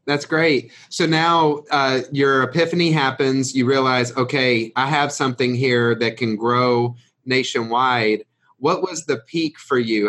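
A man hosting an interview, asking measured, encouraging questions. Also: mid-range voice, fairly bright tone. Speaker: interview host.

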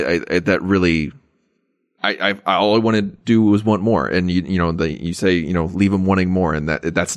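A man co-hosting a podcast in casual chat, talking haltingly with many restarts. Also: sits low, no echo, clean studio sound. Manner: hesitant, many restarts and stammers. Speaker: podcast co-host.

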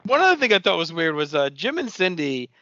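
A man co-hosting a podcast, chatting casually as he recaps a TV episode in a relaxed, filler-heavy way. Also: high-pitched, brisk, lo-fi sound. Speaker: podcast co-host.

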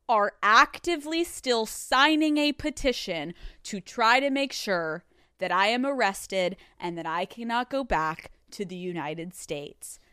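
A woman hosting a solo podcast in a studio, telling a story in an animated, profane way. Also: on the high side, clean tone, no echo. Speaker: podcast host.

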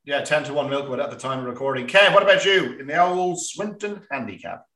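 A man's voice: mid-range voice, lively intonation, brisk, bright, forceful tone, reverberant. A man hosting a casual horse racing tips podcast with jokey banter. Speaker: podcast host.

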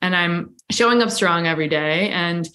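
A woman's voice: lowish voice, moderate pace, pushed and bright. A woman guest on a talk show, telling a personal story in a reflective, candid way, often saying "like" and "right?". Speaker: podcast guest. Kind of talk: conversational storytelling.

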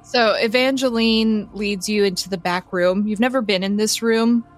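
A woman narrating a tabletop role-playing game as game master, in slow, measured storytelling. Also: mid-range voice, fairly even intonation, soft background music.

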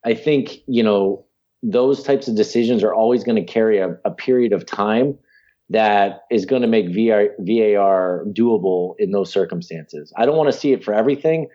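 A man on a casual sports podcast who argues his case in an animated way and slips in the odd curse. His voice is low and mellow. The recording has a dull, lo-fi sound. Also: moderate pace. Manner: animated, argumentative, mild cursing. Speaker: podcast co-host.

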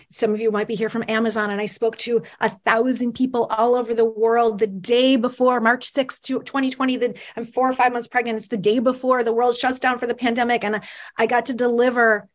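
Dramatic woman motivational speaker. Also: fairly high pitch. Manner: dramatic storytelling, audience questions. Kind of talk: personal story on stage.

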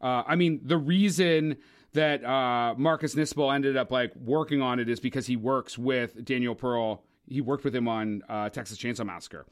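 A man in casual chat about horror films, talkative and quick to agree, sharing trivia. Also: medium pitch. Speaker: podcast co-host. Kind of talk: casual film discussion.

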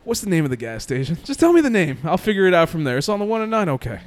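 A young man tells a rambling story in a smooth, resonant voice. He sits a little high in pitch. He slips into quick impressions of other people and laughs along as he talks. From New Jersey. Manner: animated storyteller, acts out quotes, laughs often. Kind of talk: casual storytelling chat.

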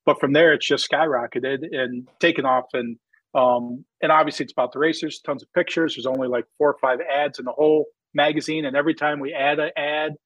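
This man, a drag racer who founded a magazine, speaks in a mid-range voice, and the recording is dry and muffled. He rambles through his story in a casual, filler-heavy interview, becoming animated when he quotes himself.

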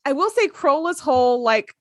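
A woman's voice: sits high, expressive, a little fast, no echo, clean studio sound. A young woman co-hosting a podcast, chatting enthusiastically and earnestly about a TV episode. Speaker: podcast co-host. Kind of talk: casual chat recapping a TV episode.

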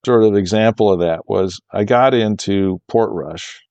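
A man with a low, gravelly voice tells a long travel story in a relaxed interview, full of restarts and asides. He brightens whenever he quotes the people he met. The sound is dry and close. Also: a little slow, dry recording. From Michigan, USA. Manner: rambling, animated when quoting others. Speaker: golf course architect guest.

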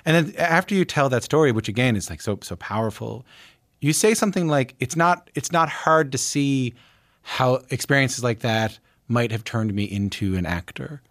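A man's voice: medium pitch, normal speed, fairly bright tone, no room sound, clean studio sound. Easygoing Canadian-born male interviewer. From Newfoundland, Canada. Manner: easygoing, chatty, with frequent fillers. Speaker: interview host. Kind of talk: casual conversational interviewing.

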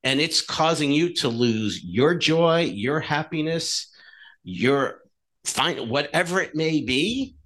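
A man co-hosting a podcast, telling stories in a casual, animated way and acting out the dialogue in them. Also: on the high side, takes it slowly. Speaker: podcast co-host.

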